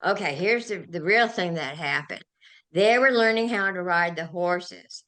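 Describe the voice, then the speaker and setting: An older woman, a guest on a talk show, telling animated and emotional stories. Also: lowish voice, unhurried. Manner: animated, emotional storyteller who gets carried away. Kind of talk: anecdotal storytelling in a chat.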